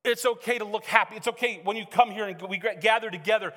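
A middle-aged male pastor preaching a sermon in a church, animated and joking, acting out quotes as he tells stories. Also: high-pitched, quick pace. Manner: animated, joking storyteller who acts out quotes. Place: church sanctuary. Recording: hall reverb.

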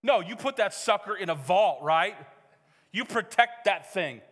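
A man's voice: high-pitched, lively intonation, measured pace, fairly bright tone. A middle-aged man preaching a sermon as pastor, conversational and joking with the congregation. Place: church hall. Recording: reverberant church hall.

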